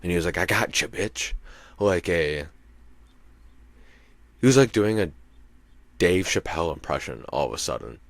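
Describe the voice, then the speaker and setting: A man's voice: sits low, very animated, moderate pace, creaky, pauses often, no echo. A man hosting a podcast, telling a rambling, profane story in a casual monologue and often checking in with the listener. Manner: rambling, profane, keeps asking "you know what I mean". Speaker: podcast host and comedian.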